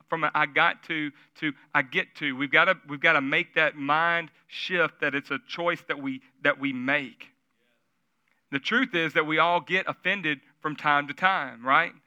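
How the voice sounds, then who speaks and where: A man's voice: on the high side, fairly even intonation, normal speed, pushed and bright, clear, resonant tone, no room sound, muffled recording. A man preaching a sermon at a church service, telling stories in a conversational way and asking the audience questions. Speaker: pastor.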